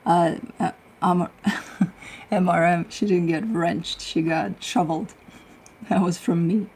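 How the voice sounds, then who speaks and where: This is a middle-aged woman with a low, gravelly voice, hosting a casual tarot livestream. She chats with her viewers in a blunt, easygoing way, swears freely and laughs often. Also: fairly even intonation, takes it slowly, darkish tone, a little hiss or hum, poor audio. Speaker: tarot reader and livestream host. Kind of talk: casual livestream chat, answering viewer comments.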